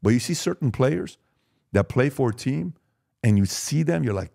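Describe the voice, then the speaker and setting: A man in his forties, a podcast guest, talking emphatically and telling lively stories in casual conversation. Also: medium pitch, normal speed, gravelly.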